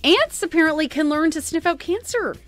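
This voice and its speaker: A woman's voice: extremely high pitch, lively intonation, brisk, a bit bright, no room sound, soft background music. Chatty female radio co-host. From Canada. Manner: chatty, reads news items conversationally. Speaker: radio morning show co-host. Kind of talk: casual radio banter. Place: radio studio.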